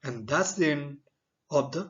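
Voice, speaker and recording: A man with an Indian English accent teaching a literature lesson, speaking slowly and deliberately and asking rhetorical questions. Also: on the high side, lively intonation, fairly bright tone. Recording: dull lo-fi recording.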